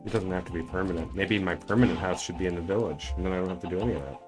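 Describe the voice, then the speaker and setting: A man's voice: deep voice, very fast, music in the background. A man streaming a game and chatting casually, thinking aloud as he plays. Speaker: streamer and voice actor.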